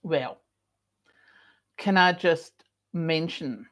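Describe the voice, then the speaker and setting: Middle-aged scottish lady hosting a chat, lowish voice, chatty and expressive storytelling. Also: extremely slow. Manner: chatty and expressive, with emphatic repetition. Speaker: host.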